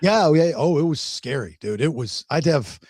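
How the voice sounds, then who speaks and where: A male podcast host tells a long story in casual chat, rambling, repeating words, and getting animated when he quotes other people. His voice is fairly high and moves at a moderate pace. The recording is dry, with clean studio sound.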